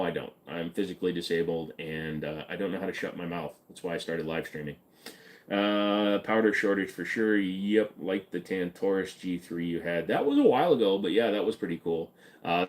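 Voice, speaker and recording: A man with a deep, darkish voice hosts a casual live stream, reading chat questions aloud and firing back blunt, joking answers. His low voice sounds easygoing.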